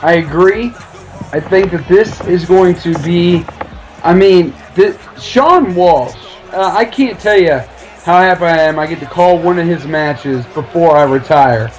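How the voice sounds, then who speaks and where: A man's voice: on the high side, a little slow, soft background music, rough recording. A man working as color commentator at a wrestling show, easygoing and agreeable.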